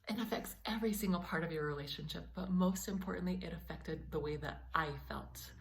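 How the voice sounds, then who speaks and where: Low-voiced earnest woman vlogger. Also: a little fast, few pauses. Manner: earnest, encouraging, speaks directly to viewers. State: a little emotional. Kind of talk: heartfelt talk to camera.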